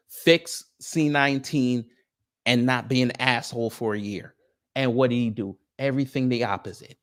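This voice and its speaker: Scornful laughter punctuates this streamer's animated rant, delivered at a medium pitch. Hosting political commentary live, he mocks his audience with a rapid barrage of rhetorical questions.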